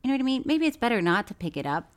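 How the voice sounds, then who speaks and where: A woman co-hosts a casual podcast chat, teasing and incredulous. Her fairly high voice swings widely as she talks. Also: sing-song, rapid-fire, clean tone. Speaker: podcast co-host.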